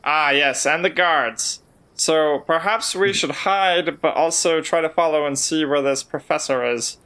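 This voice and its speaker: A man's voice: a little high, measured pace, bright, forceful tone, smooth. A man playing a tabletop game, eager and playful as he explains his moves. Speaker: player.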